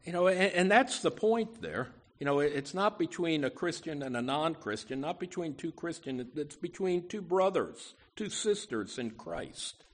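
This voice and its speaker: A man's voice: on the high side, expressive, moderate pace, few pauses. A man preaching a sermon, emphatic, often adding "you know" asides, with words that swell and drop.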